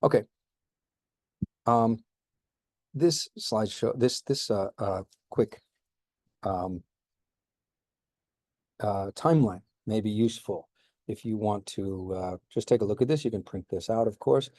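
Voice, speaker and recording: A middle-aged man talks through a slideshow as a history lecturer, in a low, mellow voice. He is informal and keeps stopping to restart with fillers. The sound is close and dry, with no room around it. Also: slow, long pauses, no echo.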